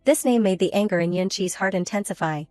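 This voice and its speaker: Woman giving a dry, steady story recap. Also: medium pitch, fairly quick, no echo, faint music behind. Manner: reads every character's lines in her own steady voice. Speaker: recap narrator. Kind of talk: scripted story narration.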